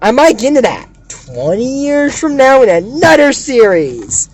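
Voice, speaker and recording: A man excitedly retelling a cartoon episode, gasping and shouting as he recaps the action. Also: extremely high pitch, a little slow, rough recording. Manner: animated, gasps and shouts with excitement.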